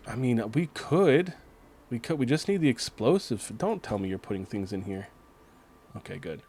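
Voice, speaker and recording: A man casually commentating his gameplay on a stream, chatty and excitable, cursing now and then. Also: medium pitch, normal speed, husky. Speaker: game streamer.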